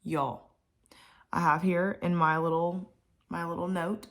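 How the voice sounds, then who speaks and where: A woman's voice: on the low side, flat delivery, slow, long pauses. A woman vlogger giving a casual Bible reflection, chatty with many fillers and asides.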